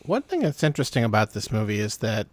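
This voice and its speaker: A man's voice: on the low side, huge pitch swings, fast, no echo. A man co-hosting a podcast, chatting in an easygoing way with stammered restarts. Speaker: podcast co-host. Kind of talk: casual chat.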